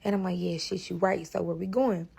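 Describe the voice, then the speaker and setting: A woman's voice: fairly low pitch, fairly quick, gravelly, slightly rough. A woman telling a long dramatic storytime in casual chat, acting out the dialogue and calling her listeners y'all. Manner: animated, acts out dialogue, addresses listeners as y'all.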